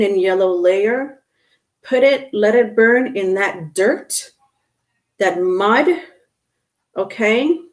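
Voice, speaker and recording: A woman giving a casual tarot reading to her viewers, chatty and instructive, with many fillers and restarts. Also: mid-range voice. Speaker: tarot reader.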